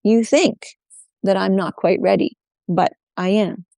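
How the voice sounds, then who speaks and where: Woman doing a talking foal, sure of itself, gentle, low and gravelly. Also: steady tone, measured pace, dry recording. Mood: confident. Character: young foal, bold and self-assured.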